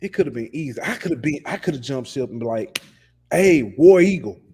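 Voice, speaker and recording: A man's voice: medium pitch, animated, fast, a little mellow, slightly rough. A man co-hosting a sports podcast, ranting passionately in casual talk and often repeating words. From lives in Alabama. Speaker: podcast co-host.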